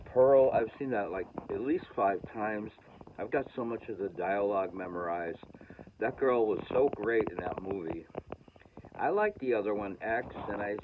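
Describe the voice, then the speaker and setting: A man from New England rambling in a casual self-mocking monologue, with many hesitant fillers. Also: fairly low pitch. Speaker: vlogger. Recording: tinny, lo-fi, noisy.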